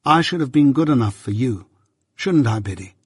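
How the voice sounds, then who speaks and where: A discontented young apprentice pours out earnest, impatient complaints in a storybook reading, played by a man. The husky voice is close and dry, lifted a little above the narrator's own. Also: mid-range voice, animated, normal speed, no room sound. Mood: self-pitying. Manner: earnest, impatient and self-pitying. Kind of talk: audiobook character voice.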